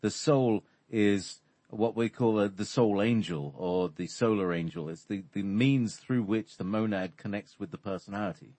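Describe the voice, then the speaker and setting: A man explaining spiritual ideas in conversation, halting and full of fillers. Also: lowish voice, darkish tone, no echo. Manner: hesitant, halting, many fillers. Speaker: spiritual teacher.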